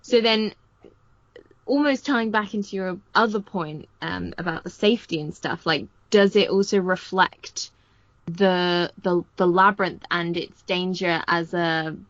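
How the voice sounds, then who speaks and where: Musing woman, slightly low voice. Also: unhurried, no echo, muffled recording. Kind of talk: casual chat.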